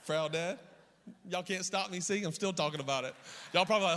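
Man preaching, hoarse worn voice, high and bright, rhythmic call-outs, long hall reverb. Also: fairly quick. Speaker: pastor. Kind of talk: sermon.

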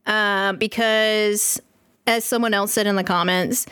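A woman's voice: medium pitch, fairly even intonation, unhurried, a bit bright, smooth, dry recording, studio quality. A woman in casual chat, talking bluntly and with frustration, swearing often.

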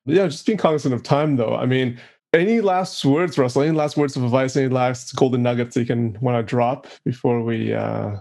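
A man hosting a casual podcast interview, relaxed as he thanks his guest and wraps up the talk. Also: medium pitch, brisk, gravelly. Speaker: podcast host.

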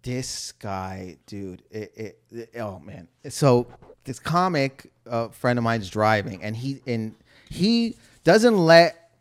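A man's voice: medium pitch, slow pace. A man telling comedy stories. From Lebanese family background. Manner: animated storyteller, acts out quoted voices. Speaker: stand-up comedian. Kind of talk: casual storytelling chat.

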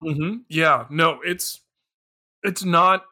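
A man co-hosting a casual movie podcast, animated and quick to laugh, talking with lots of filler words. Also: a little high. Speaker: podcast co-host. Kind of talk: casual movie review chat.

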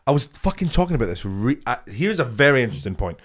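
Young comedian, casual sweary podcast chat, mid-pitched, laughs through his stories. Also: sing-song, quick pace, crowd noise. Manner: sweary, storytelling, laughs often.

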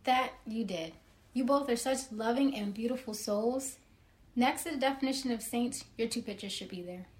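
A woman playing a thankful young woman, higher voice. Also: moderate pace, a little mellow, natural voice. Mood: grateful. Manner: polite, effusively thankful. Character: grateful young woman Tiffany, newly converted. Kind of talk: audio drama acting.

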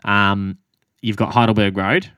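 A low-pitched Australian man tells a story in a relaxed podcast chat, swearing freely and acting out the quotes with lively energy. The sound is dry and close, with no room around it. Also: measured pace, clean tone, no echo. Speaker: podcast co-host and running coach.

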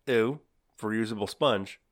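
A man's voice: lowish voice, measured pace. Giggly man telling odd facts. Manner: laughs often, giggly storytelling of odd facts. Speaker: podcast co-host. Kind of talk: casual podcast chat.

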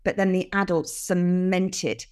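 An older woman, a podcast guest explaining things earnestly with lively emphasis in casual conversation. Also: lowish voice, a little slow.

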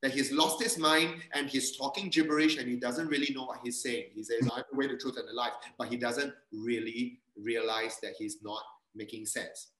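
A man's voice: medium pitch, fairly even intonation, moderate pace, hardly any pauses, fairly bright tone, reverberant, rough recording. A male pastor, giving an interactive sermon and quizzing his congregation. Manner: asks the congregation questions and reads their answers aloud. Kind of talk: interactive sermon with online quiz.

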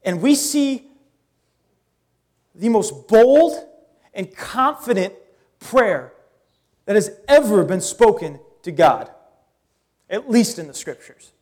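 High-voiced pastor telling a lively sermon. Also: male voice, slow, long pauses. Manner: animated storytelling, casual asides.

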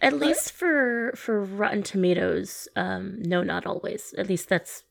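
A woman's voice: mid-range voice, expressive, a little slow, vocal fry. Giggly, cursing woman podcast co-host. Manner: giggly and swears freely. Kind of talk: casual movie review chat.

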